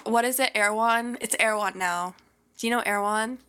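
A young woman co-hosting a podcast, gossiping casually, saying "like" constantly, with excitable gasps and squeals. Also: a little high, fairly quick, clear, resonant tone. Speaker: podcast co-host.

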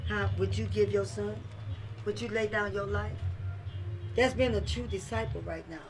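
A woman co-hosting a lively Christian radio Bible study, emphatic and repeating her phrases in call-and-response style. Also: mid-range voice, normal speed, poor audio. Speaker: radio Bible teacher, co-host. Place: radio station studio.

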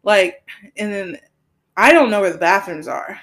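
A woman's voice: medium pitch, expressive, normal speed, fairly bright tone. A woman podcast co-host, telling rambling stories in casual chat and giggling often.

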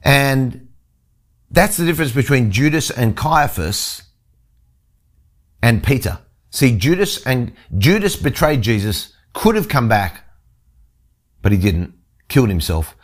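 A man's voice: mid-range voice, big pitch swings, slow, pauses often. Earnest man teaching scripture. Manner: earnest, with frequent restarts. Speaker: Bible teacher. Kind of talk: reading scripture then explaining it.

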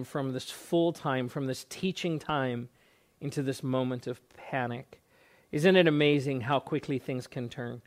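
A man's voice: on the high side, a little mellow. A man preaching a sermon as a pastor, earnest, often repeating words and stretching out phrases for emphasis.

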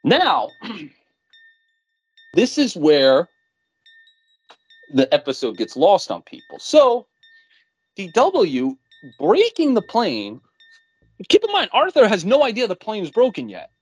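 A podcast co-host with a mid-range, breathy voice speaks slowly with long pauses, animatedly retelling a story's plot in casual chat. She or he uses mock voices and swears bluntly, and the recording is dry.

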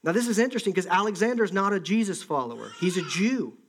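A man's voice: high-pitched, lively intonation, fast talker. A man preaching a conversational sermon, acting out the voices of an angry crowd. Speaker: pastor.

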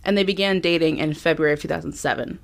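A woman's voice: deep voice, fast talker, vocal fry. A woman co-hosting a podcast, telling a true crime story from her notes in a chatty way, with frequent ums. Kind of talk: casual chat, reading from notes.

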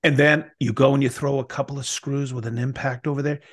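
A man's voice: fairly even intonation, fairly quick. A man co-hosting a podcast in casual chat, acting out the people in his stories with a raised voice. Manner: acts out quoted voices in a higher pitch. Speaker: podcast co-host.

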